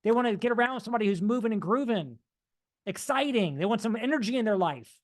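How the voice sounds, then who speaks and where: Energetic motivational speaker man. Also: sits high, fast. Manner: energetic, animated, mimics dull and excited voices. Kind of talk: motivational talk.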